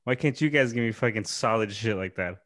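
A man hosting a casual reaction chat who is excitable, laughs often and swears freely. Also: lowish voice, brisk. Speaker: podcast host.

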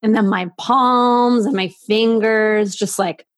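A woman speaking as a podcast guest in an intimate conversation, slow and halting, soft, with many filler likes. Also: on the high side, fairly even intonation, dry recording, studio quality.

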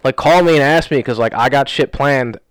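A clean, medium-pitched male voice with no echo belongs to a young podcast co-host. Using a studio podcast mic, he chats casually and rambles quickly through an animated story, leaning on "like" throughout.

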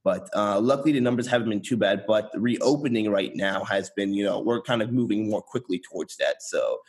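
Young male interview guest, from East Tennessee, Bengali first language, lowish voice, relaxed and hesitant. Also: a little fast. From rural East Tennessee, USA. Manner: relaxed, hesitant, many fillers and restarts. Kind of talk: casual conversational interview.

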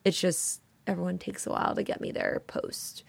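A woman's voice: lowish voice, huge pitch swings, moderate pace, vocal fry, no room sound. A young woman co-hosting a podcast, chatting casually and reading a listener story aloud in an easygoing, giggly, candid way. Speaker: podcast co-host. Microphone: studio mic.

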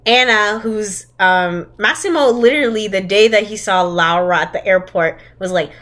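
A woman's voice: medium pitch, normal speed, hardly any pauses, a bit bright. A young woman co-hosting a casual podcast, sarcastically recapping a movie's plot, laughing often and acting out the characters' lines. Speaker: podcast co-host.

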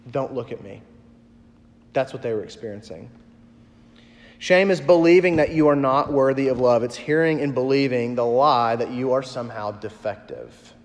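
A man preaching a sermon in a relaxed, conversational way, with lots of casual fillers. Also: medium pitch, in a large hall. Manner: conversational, uses many fillers. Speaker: pastor.

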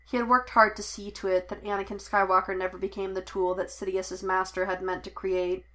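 A woman reading a piece of fan fiction aloud as narrator, even and measured. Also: mid-range voice. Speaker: podfic reader. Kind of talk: storybook narration.

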